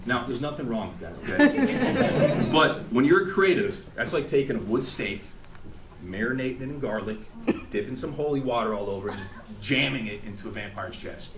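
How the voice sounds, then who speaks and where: Man, speech at an event, animated storyteller, echoey hall, faint ambience. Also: mid-range voice, normal speed, a little hiss or hum. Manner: animated, acts out quotes, laughs along. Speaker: graduating student giving a speech.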